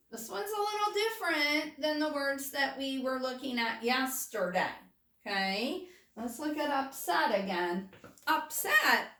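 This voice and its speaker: Slow patient woman teaching small kids. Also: sits high, sharp tone. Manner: slow, patient, checks in with "okay?" often. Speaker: first grade teacher. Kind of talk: recorded phonics lesson for young children. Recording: roomy, mic at a distance.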